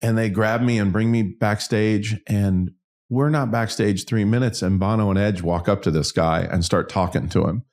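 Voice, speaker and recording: Man, 50s, very low voice, frank self-deprecating storyteller, interview guest. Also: fairly even intonation, moderate pace, a little mellow. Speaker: interview guest, singer-songwriter and business owner. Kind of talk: candid personal storytelling.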